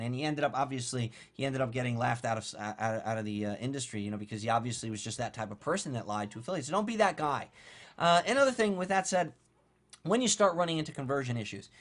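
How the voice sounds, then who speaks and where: Blunt, animated man giving marketing advice. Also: a little high. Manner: animated, blunt and conversational, with casual swearing. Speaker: online marketing coach. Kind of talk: casual advice monologue.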